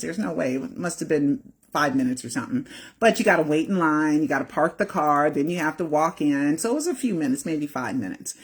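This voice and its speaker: A woman's voice: low-pitched, slightly rough. A woman telling a personal story in a casual, chatty way, often tagging on "right?" and "okay". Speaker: independent journalist.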